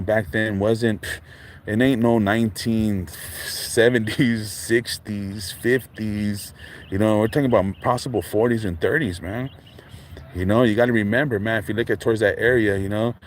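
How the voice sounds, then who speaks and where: A middle-aged man, rambling to his livestream viewers in a relaxed stream of street slang. His voice sits low, with lots of man, dog and you know. A faint hiss of noise runs under the recording. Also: normal speed. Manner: laid-back street slang, constant fillers like man and dog. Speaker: livestream host. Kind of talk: casual livestream monologue.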